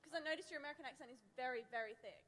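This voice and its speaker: High bright giggly woman in a hall. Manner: giggly, nervous, rushing words. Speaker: audience questioner. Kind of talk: fan question at a panel. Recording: audience mic in a reverberant hall with faint noise.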